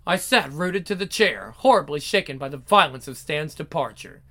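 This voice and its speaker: A woman's voice: low voice, lively intonation, moderate pace, a bit bright. An actress playing a devoted young wife who narrates her story in earnest, emotional 1940s radio acting. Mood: despairing.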